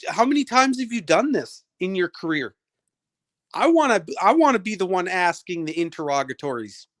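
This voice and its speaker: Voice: medium pitch, fairly bright tone, no room sound, clean studio sound. A local activist from South Dakota delivering a heated, profane, unscripted rant about police, full of repetition and direct confrontation. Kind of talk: unscripted angry rant to camera.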